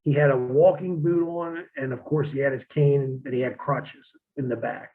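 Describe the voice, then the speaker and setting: A man's voice: mid-range voice, fairly even intonation, moderate pace. A man, a former pro wrestler, telling profane stories in a casual interview and acting out what others said. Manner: profane, vivid storyteller who acts out quotes. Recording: tinny phone-like line.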